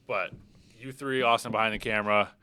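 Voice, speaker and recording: A man's voice: fairly low pitch, steady tone, a little fast, bright, forceful tone. A man hosting a podcast, chatting loosely and asking follow-up questions. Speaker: podcast host. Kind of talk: casual chat.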